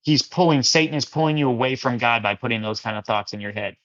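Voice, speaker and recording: Male faith-chat host, mid-pitched, loose rambling delivery, dull lo-fi sound. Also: fast, fairly bright tone. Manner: rambling, casual, calls listeners "my friend" and "brother". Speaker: Christian livestream host. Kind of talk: casual live chat answering comments.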